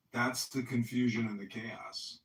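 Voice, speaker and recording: A man's voice: mid-range voice, far from the mic. Upbeat man hosting a chat, roomy sound. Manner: upbeat, greets loudly, speaks in slogans. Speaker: podcast host and political candidate. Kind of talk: casual chat on an audio app.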